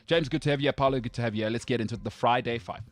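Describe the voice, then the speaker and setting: A man's voice: medium pitch, very fast, soft background music. A man hosting a sports talk show, ranting in a brash, emphatic and jokey way. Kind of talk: opinionated sports talk banter.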